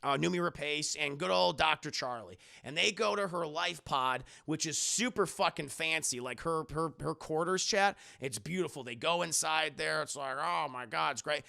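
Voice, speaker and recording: Male streamer, casual profane film recap, bright edgy tone, talks to chat. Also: on the high side, moderate pace, creaky, few pauses. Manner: profane, rambling, keeps addressing chat.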